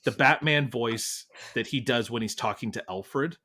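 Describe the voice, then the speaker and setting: A man's voice: mid-range voice, unhurried, breathy edge. A man hosting a podcast, chatting playfully and joking at his own expense. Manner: playful, self-deprecating, animated. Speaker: podcast host. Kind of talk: casual podcast banter.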